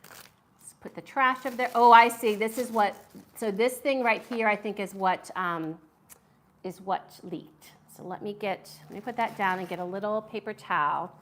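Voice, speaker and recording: A woman's voice: mid-range voice, steady tone, moderate pace, a bit bright. A woman hosting a casual live-stream food review at home, chatty and enthusiastic as she reads viewer comments aloud. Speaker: food vlogger.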